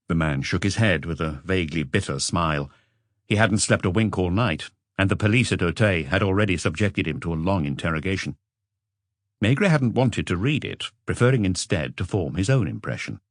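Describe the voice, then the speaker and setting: A man reading a detective novel aloud as an audiobook narrator, in a calm, measured way. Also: deep voice, no echo, studio quality. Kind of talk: scripted narration.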